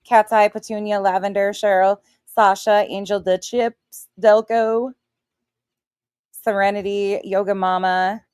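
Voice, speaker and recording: Here a forties-aged livestream host speaks at medium pitch with little rise and fall, a bit slowly, her tone slightly mellow and clean. She calls out viewers one at a time by their chat handles, blunt, profane and defiant, over clean studio sound free of room noise.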